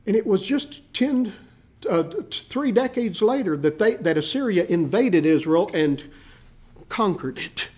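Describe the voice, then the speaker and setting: Male pastor, sermon, animated, voices quoted people, fairly high pitch. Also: a little slow, breathy edge. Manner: animated preaching, voicing quoted people with rises in pitch and volume.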